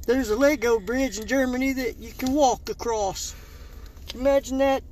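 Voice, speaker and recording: High-voiced joking man, podcast co-host. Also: fairly even intonation, moderate pace, darkish tone, a little hiss or hum. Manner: joking, swears a lot, sings song snippets. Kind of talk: casual crude banter.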